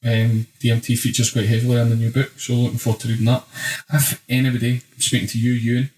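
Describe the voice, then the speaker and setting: A man's voice: medium pitch, fast. A man with a Scottish accent co-hosting a podcast, telling stories in a casual, sweary, ranting way. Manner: ranting, animated storytelling. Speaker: podcast co-host. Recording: roomy echo.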